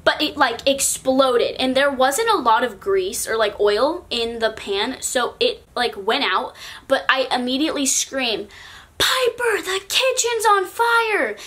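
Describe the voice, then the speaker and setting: Bright-voiced chatty teen girl. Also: on the high side, normal speed. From California. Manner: chatty, peppers speech with "like". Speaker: vlogger. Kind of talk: casual storytime vlog.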